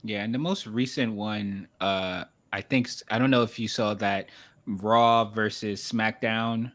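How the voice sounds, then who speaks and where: A man's voice: fairly low pitch, steady tone, a little slow, a bit bright. A man appearing as a guest on a podcast, chatting casually and laughing easily. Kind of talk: casual chat.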